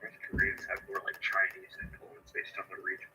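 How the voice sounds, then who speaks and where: A man's voice: low voice, completely flat delivery, a little fast, sharp tone, slight background noise, rough recording. A man co-hosting a livestream, musing offhand in casual chat with loose fillers. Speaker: livestream co-host.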